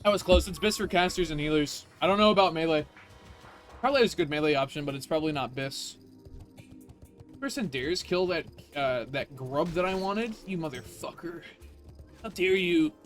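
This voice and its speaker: A man's voice: a little high, normal speed, soft background music. A man streaming a video game, ranting in casual, profane commentary.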